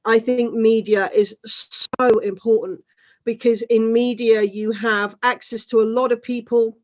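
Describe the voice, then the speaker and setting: A talkative woman in her thirties speaks as an interview guest. She talks in a fairly high voice and fills her points with "you know" asides. Her sound comes through dull and lo-fi, like an online call. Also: steady tone, measured pace. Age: 30s. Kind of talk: casual conversation.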